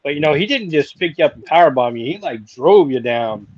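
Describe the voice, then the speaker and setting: A man's voice: fairly high pitch, animated, fairly quick, a little mellow, dry recording, highs cut off. A man in his forties co-hosting a casual wrestling talk show, rambling with lots of fillers. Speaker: podcast co-host.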